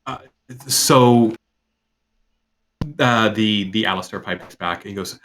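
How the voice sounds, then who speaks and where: A man narrating as game master of a tabletop game, loose and halting. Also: fairly low pitch, fairly bright tone.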